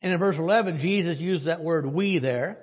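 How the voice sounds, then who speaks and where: A man's voice: fairly high pitch, normal speed, slightly rough, muffled recording. A man preaching a teaching sermon, posing questions to the congregation and answering them himself. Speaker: pastor.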